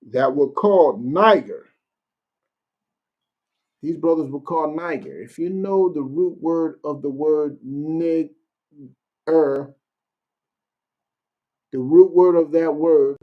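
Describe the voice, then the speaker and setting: A man leading a casual streamed Bible class, talking conversationally and reading verses out slowly. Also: a little high, muffled recording. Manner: conversational, keeps asking "you know what I'm saying"; reads verses slowly and deliberately.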